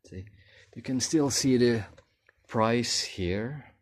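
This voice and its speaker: A man talking casually while unboxing and trying on a product, unhurried and halting, with pauses and fillers. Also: medium pitch. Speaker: vlogger unboxing shoes.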